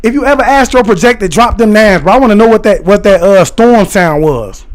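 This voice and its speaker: A man chatting casually on a livestream, rambling excitedly and talking directly to his viewers and their comments. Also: high voice, brisk. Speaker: live streamer talking to chat.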